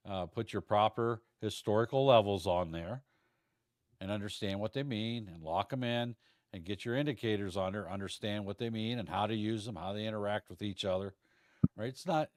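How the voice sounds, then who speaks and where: A trading instructor in middle age runs a futures trading livestream, speaking casually with a folksy, meandering delivery and occasional verbal stumbles. His lowish voice is captured in clean studio sound with no echo.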